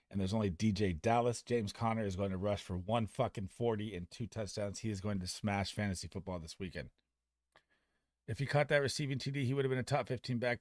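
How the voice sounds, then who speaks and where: A young man streaming fantasy football advice in a casual, excitable, profane manner. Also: lowish voice, no echo, studio quality. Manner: excitable, profane, talks fast and loose. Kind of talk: casual livestream chat.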